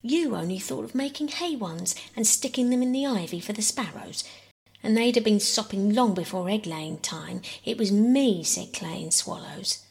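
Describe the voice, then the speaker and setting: A smug young boy who argues every point and scolds his sisters, voiced by a woman reading a storybook. His tone is firm and self-satisfied, with a gravelly fry beneath it. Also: medium pitch, animated, moderate pace, a little mellow, big-room sound. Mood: arguing. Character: boastful, argumentative young boy.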